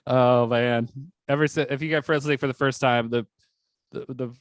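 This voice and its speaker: Animated man telling a story in a dry room. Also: normal speed, dry recording. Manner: animated storyteller, acts out quotes with sudden high yelps. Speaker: podcast co-host. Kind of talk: casual chat.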